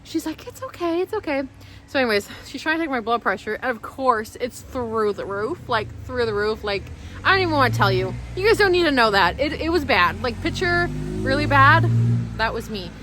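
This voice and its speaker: A woman's voice: fairly high pitch, expressive, a little fast, pushed and bright, slight background noise, poor audio. A woman vlogger telling a personal story in casual, emotional, rambling speech full of restarts.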